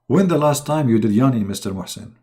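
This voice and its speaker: A man's voice: medium pitch, animated, a little fast, warm tone. A man hosting a mocking religious commentary, talking sarcastically in broken English. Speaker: host.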